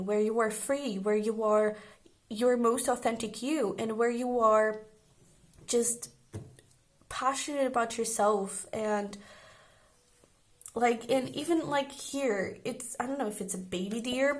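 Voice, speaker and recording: A woman reads tarot cards in a relaxed, conversational way, addressing the viewer directly. Her voice sits a little high for a woman, and her tone stays gentle and reassuring. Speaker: tarot reader. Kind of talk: casual pick-a-card tarot reading.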